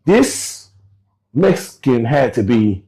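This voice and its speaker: A man's voice: mid-range voice, slow pace. A man talking as a podcast guest, telling a story casually in slangy, direct speech and acting out the other people in it. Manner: animated, acts out voices of people in his stories; slangy, direct address to listeners.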